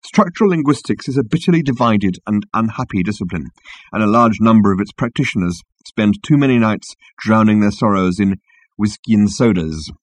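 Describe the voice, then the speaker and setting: A man narrating a story in a wry, lively manner. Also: lowish voice, fairly quick, dry recording. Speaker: audiobook narrator. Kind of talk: scripted narration.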